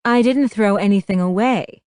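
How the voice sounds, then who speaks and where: A woman's voice: medium pitch, moderate pace, a little mellow, dry recording, clean studio sound, close to an everyday voice. A woman voicing an exasperated young woman who argues back defensively with her mother.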